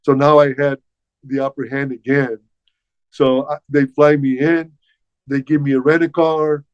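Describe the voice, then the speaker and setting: Older man, interview guest. Animated storyteller, stumbles and repeats words. Mid pitch, dull, dry recording. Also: a little slow, smooth, dry recording. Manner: animated, repeats words while recounting past dialogue. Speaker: interview guest, former wrestler. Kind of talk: casual storytelling. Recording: dull, slightly muffled dry sound.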